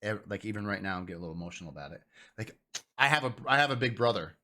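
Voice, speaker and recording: A man's voice: fairly low pitch, animated, very fast, sharp tone. A man chatting as a podcast guest, talking in an earnest, heartfelt way with the odd swear word. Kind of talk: casual podcast chat.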